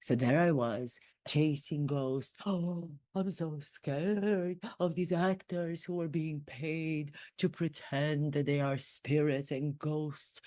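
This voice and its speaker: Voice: mid-range voice, mellow, no echo, clean studio sound, lightly acted. A performer doing a stiff self-mocking prince. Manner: stiff, formal, self-deprecating. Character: self-mocking royal prince, adult man, impression. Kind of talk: comic impression monologue.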